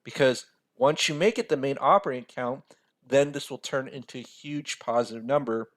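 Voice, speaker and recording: A man's voice: medium pitch, brisk. A man teaching a personal finance lesson over a screen share. He talks casually, keeps checking in with "right?" and laughs at himself now and then. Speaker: financial mentor.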